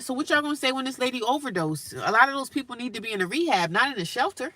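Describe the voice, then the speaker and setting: A woman's voice: high-pitched, animated, fast, hardly any pauses, bright, forceful tone, no echo. A woman vlogging from inside her parked car, chatting casually and emphatically to viewers and calling them honey. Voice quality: emphatic, talkative, calls listeners honey. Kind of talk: casual vlog chat to viewers.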